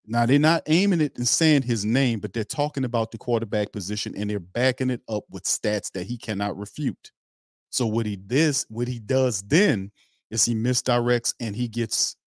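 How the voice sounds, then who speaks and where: A man's voice: mid-range voice, darkish tone, no room sound, studio quality. A man hosting a sports fan livestream, ranting bluntly and mockingly with slang and cursing. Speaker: fan show host. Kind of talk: heated fan commentary on a livestream.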